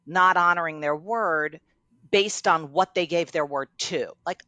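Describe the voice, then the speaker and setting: A woman's voice: sits low, measured pace, no echo. Middle-aged woman coach chatting, acts out quotes, dry close mic. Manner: animated storytelling, acting out quoted lines. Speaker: guest coach. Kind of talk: casual podcast conversation.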